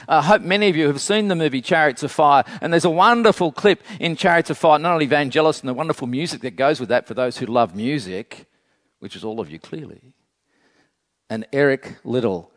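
A man preaching a sermon in a slightly high voice, driving home his point with one rhetorical question after another. He breaks off now and then for chatty asides to his congregation. His voice rings out with the long reverb of a church hall. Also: a little fast, a bit bright. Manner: builds intensity with strings of rhetorical questions.

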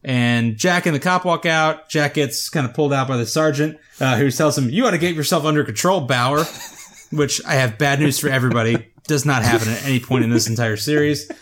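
A man's voice: mid-range voice, fairly quick, a bit bright. A man co-hosting a podcast, casually recapping a TV episode with jokes and swearing. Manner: joking, profane, laughs while explaining plot. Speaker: podcast co-host recapping a TV series.

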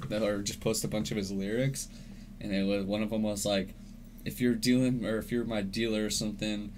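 Young man, low voice, casual swearing chat, faint background hiss. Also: little pitch movement, fairly quick, darkish tone. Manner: laid-back, swears freely, laughs often.

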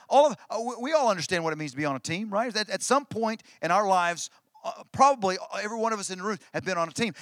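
A man's voice: high voice, fairly bright tone, no echo, clean studio sound. A middle-aged man preaching a sermon in a conversational way, often restarting phrases for emphasis. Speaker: pastor.

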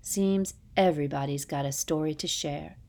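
Gentle woman narrating a storybook. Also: sits low, moderate pace, vocal fry. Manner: gentle, dialect-inflected storytelling with quiet hushed passages. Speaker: audiobook narrator. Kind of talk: scripted storybook narration in first person.

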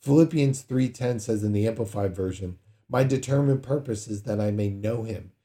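A man's voice: on the low side, moderate pace, mellow. A man preaching a sermon in a conversational way, acting out prayers with sudden dramatic outbursts. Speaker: pastor.

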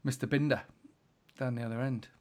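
A man in the host's chair, talking casually at an ordinary mid pitch. He jokes and pokes fun at himself, mumbling half-aloud while he fiddles with his computer. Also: fairly even intonation, fairly quick, darkish tone. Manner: joking, self-mocking, muttering while working a computer. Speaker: podcast host. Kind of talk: casual chat. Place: indoors at a computer, recording a call.

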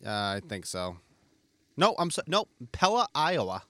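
A man's voice: medium pitch, big pitch swings, a little slow, sharp tone, no echo. A man co-hosting a podcast in casual chat, making wry jokes. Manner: wry, joking. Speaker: podcast co-host.

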